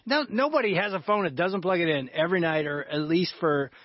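A man's voice: high voice, brisk, no room sound. A man co-hosting a casual conversation, building his point through an everyday comparison. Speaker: co-host. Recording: dull dry studio sound.

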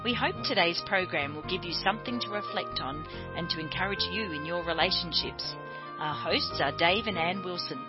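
Low-voiced woman announcer over music. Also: moderate pace. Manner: smooth, formal. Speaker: show announcer. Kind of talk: scripted announcement. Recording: lo-fi radio sound with music behind. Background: music bed.

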